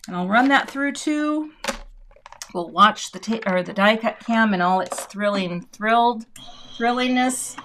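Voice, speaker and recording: A woman's voice: medium pitch, a little slow, fairly bright tone, slight background noise. A middle-aged woman hosting a live crafting stream, chatting casually to viewers and thinking aloud as she works. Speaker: crafting livestream host. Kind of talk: casual live demo chat.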